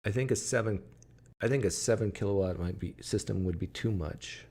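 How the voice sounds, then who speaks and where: Male livestream host, somewhat low voice, casual and chatty, reads out comments. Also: fairly quick, darkish tone, breathy edge. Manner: chatty, reading and answering comments aloud. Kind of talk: casual live chat with viewers. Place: home.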